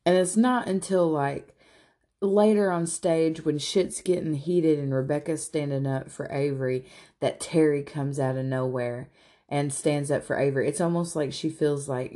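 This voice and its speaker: A woman's voice: sits low, fairly even intonation, normal speed, mellow. A woman casually recapping a reality show in a blunt, profane, gossipy manner.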